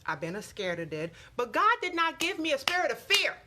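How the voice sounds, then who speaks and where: A woman's voice: sits high, big pitch swings, a little fast, pushed and bright. A young woman from the US Virgin Islands with an island accent, chatting animatedly to viewers on a Facebook Live from her home staircase. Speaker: vlogger. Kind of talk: casual Facebook Live chat.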